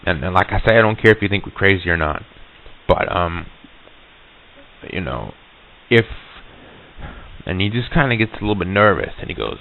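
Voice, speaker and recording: A man recounting an eerie encounter in a halting, casual way, with many restarts and fillers. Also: low-pitched, expressive, creaky, sharp tone. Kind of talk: casual spoken recollection. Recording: tinny lo-fi old reel-to-reel tape.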